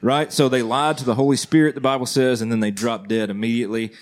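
Man, podcast co-host, casual conversation, earnest, mid-pitched voice. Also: fairly even intonation, quick pace. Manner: earnest, conversational, tosses questions to the others. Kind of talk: casual Christian podcast chat.

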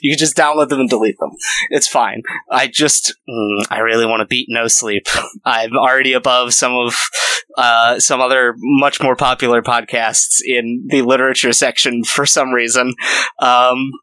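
A man's voice: mid-range voice, fairly even intonation, normal speed, sharp tone, no echo, poor audio. A young man hosting a podcast in casual chat, rambling and joking at himself, often laughing. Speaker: podcast host.

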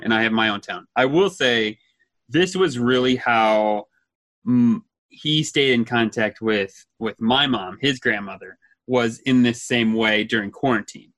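A man's voice: mid-range voice, a bit bright, dry recording. A man in his thirties co-hosting a casual podcast, chatty, laughing easily and trailing off mid-thought. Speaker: podcast co-host.

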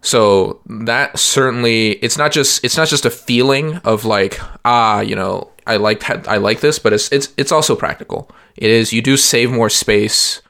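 A man's voice: medium pitch, normal speed, few pauses, a bit bright. A young man co-hosting a podcast, chatting casually and rambling, with lots of "like" and restarts. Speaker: podcast co-host. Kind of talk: casual chat.

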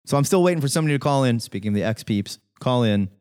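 A man co-hosting a casual call-in podcast, opinionated and quick to laugh as he rants. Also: mid-range voice, expressive, a little mellow, smooth. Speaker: podcast co-host. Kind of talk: casual call-in show chat.

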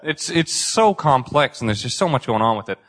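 A man's voice: medium pitch, big pitch swings, fairly quick, a bit bright. A young man from the Boston area, chatting casually as a podcast guest, rambling and self-deprecating, swearing freely. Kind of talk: casual chat.

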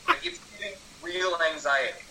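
A man who draws a comic strip, guesting on a podcast and speaking hesitantly with halting restarts. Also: a little high, huge pitch swings, background noise. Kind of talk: casual podcast chat.

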